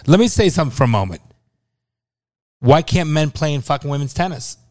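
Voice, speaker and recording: A man's voice: fairly high pitch, animated, brisk, a little mellow, dry recording, clean studio sound. A middle-aged man co-hosting a podcast, ranting with constant swearing and exasperation. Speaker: podcast co-host. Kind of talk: casual podcast chat.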